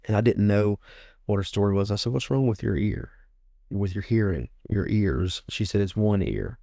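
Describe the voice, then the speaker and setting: A man's voice: on the low side, moderate pace, vocal fry, warm tone, no room sound. A man in his forties, a guest minister, telling a testimony story and often repeating his words as he retells what he said. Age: 40s.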